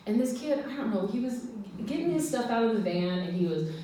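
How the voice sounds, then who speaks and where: A woman in her forties with an American accent, telling stand-up stories in a chatty, giggly way and acting out quotes in high voices. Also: lively intonation, brisk, mellow, slight background noise. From United States. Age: 40s. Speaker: stand-up comedian. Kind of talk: stand-up storytelling. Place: live room with audience. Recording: distant mic in echoey room.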